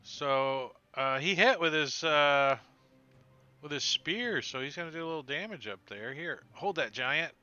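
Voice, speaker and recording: Animated bright-voiced game master man. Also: fairly high pitch, measured pace, smooth, highs cut off, soft background music. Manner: animated, acts out sound effects and shouts. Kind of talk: narrating a tabletop game.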